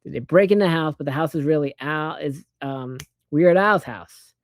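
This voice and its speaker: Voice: mid-range voice, no echo. A person casually recapping a movie plot with profane, sarcastic asides and a rambling delivery. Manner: acts out characters' lines in quick put-on voices.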